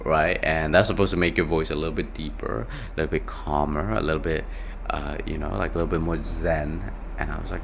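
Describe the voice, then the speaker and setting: Young male solo podcaster, very low voice, rambling and self-correcting, light hiss behind. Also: brisk, fairly bright tone. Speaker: podcast host. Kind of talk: casual solo podcast monologue.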